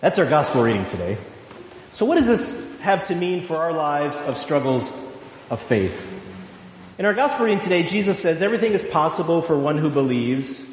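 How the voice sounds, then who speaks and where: A male pastor giving a sermon, slow and emphatic, with drawn-out phrases. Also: fairly high pitch, very animated. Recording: echoey hall.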